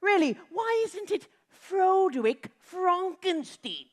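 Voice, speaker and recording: A woman's voice: very high voice, sing-song, slow pace, exaggerated voice. Igor, a woman playing a sly chummy servant. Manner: sly, chummy, sing-song. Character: eager bug-eyed male servant Igor. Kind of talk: stage musical acting. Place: theatre stage. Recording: live stage show with band music.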